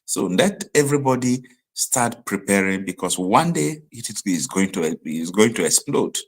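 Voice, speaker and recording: A man from Nigeria hosting a live stream, commenting in an animated way that rises to emphatic outbursts. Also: fairly low pitch, normal speed. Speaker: online show host.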